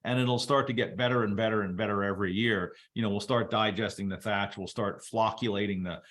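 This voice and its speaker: A man presenting a webinar, explaining soil biology at a relaxed teaching pace with casual asides. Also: on the low side, a little fast. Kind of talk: explaining soil science to an audience.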